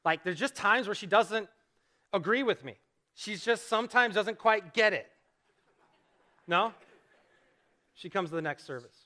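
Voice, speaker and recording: A middle-aged man preaching a sermon from the stage of a church sanctuary, with a fairly high voice and a bright, forceful tone. He talks in a relaxed, conversational way, pokes fun at himself and keeps asking the congregation rhetorical questions. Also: a little slow, long pauses. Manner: conversational, self-deprecating storytelling with rhetorical questions. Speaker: pastor.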